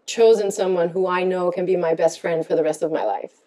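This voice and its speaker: A woman co-hosting a podcast in casual chat, reflective and thinking aloud with pauses. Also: on the low side, fairly even intonation, dark tone. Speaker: podcast co-host.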